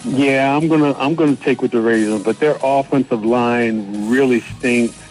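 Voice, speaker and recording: A man's voice: mid-range voice, normal speed, a little mellow, soft background music. A man on a casual sports radio panel, thinking aloud and hesitating before making his picks.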